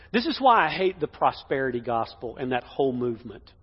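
A pastor preaching a sermon in a church, emphatic, swinging between loud declarations and hushed lines. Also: male voice, medium pitch, sing-song, a little fast, breathy edge. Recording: dull echoey hall sound.

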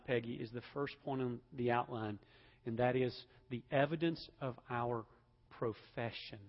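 A man preaching a sermon as pastor, emphatic, swelling to loud peaks and dropping low again. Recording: dull sound with long hall reverb.

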